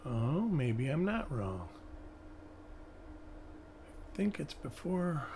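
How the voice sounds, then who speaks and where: A man's voice: fairly high pitch, very animated, takes it slowly, warm tone, slight background noise. A male host giving casual live-stream commentary, thinking aloud and rambling as he examines coins. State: hiccups.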